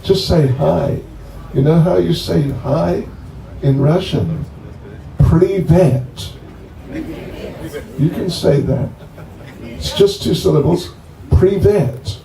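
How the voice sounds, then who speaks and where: Slow, gravelly-voiced man, joking. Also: on the high side, warm tone. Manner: joking, chatty, slow and rambling. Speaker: swami introducing a guest. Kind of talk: informal talk to devotees. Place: bonfire gathering. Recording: echoey, distant, faint ambient noise.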